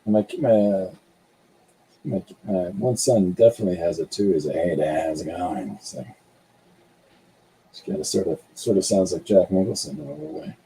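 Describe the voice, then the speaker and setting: A man with a deep voice and a scratch in it, co-hosting a casual chat while drawing. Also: moderate pace, pauses often, dark tone, slight background noise, low-quality recording. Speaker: podcast co-host.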